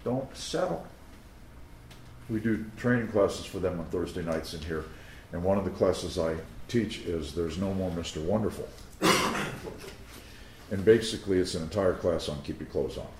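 A man's voice: deep voice, moderate pace, a little mellow, a little hiss or hum. A man preaching a sermon, telling stories in a conversational way with asides to his listeners. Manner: anecdotal, conversational storytelling with asides to the crowd. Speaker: pastor. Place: teaching room before a live audience. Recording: roomy echo of a room.

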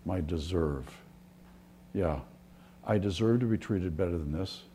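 A man's voice: low voice, a little slow, dark tone, slight background noise. A man preaching a sermon as a pastor, earnest and full of restarts, sometimes dropping to near-whispers.

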